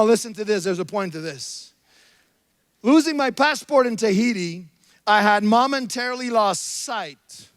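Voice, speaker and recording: High-voiced male preacher, emphatic and dry. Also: no echo. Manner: emphatic preaching, swings from soft storytelling to shouted exhortation. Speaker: pastor. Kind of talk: sermon. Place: church sanctuary.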